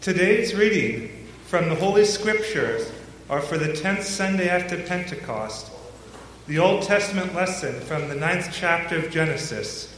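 A man with a high, lively voice reads a scripture lesson with formal deliberateness. He stands well back from the microphone, and the church around him rings with heavy echo. A long reverb trails each phrase. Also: a little hiss or hum. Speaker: scripture reader. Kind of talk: liturgical scripture reading. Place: church sanctuary. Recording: distant voice in a very echoey church.

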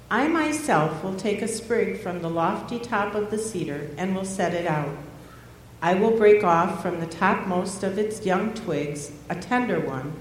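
A woman with a low voice reads a scripture lesson in a measured, formal manner. She sounds far from the microphone, and the church's strong echo and long reverb wash over her words, with a faint hum underneath. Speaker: scripture reader. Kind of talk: scripture reading. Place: church sanctuary. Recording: very echoey hall, heard from far off.

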